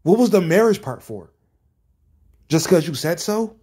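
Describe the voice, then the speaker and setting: A man's voice: high-pitched, very animated, measured pace, warm tone, breathy edge. A man reacting to viewer comments in a rant that is exasperated, profane and sarcastic. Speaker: commentary streamer.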